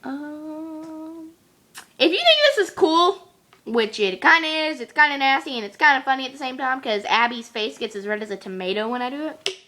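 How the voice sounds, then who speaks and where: A woman talking casually to her camera at home, excitable and quick to exclaim. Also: sits high, slight background noise. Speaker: vlogger. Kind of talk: casual chatty vlog.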